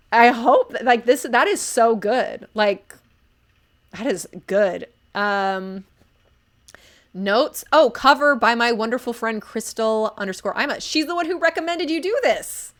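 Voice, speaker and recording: A woman's voice: on the high side, a bit bright. Gushing, chatty young woman streamer. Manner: gushing, enthusiastic, chatty with many fillers. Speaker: livestream book reviewer. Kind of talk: casual live-stream commentary.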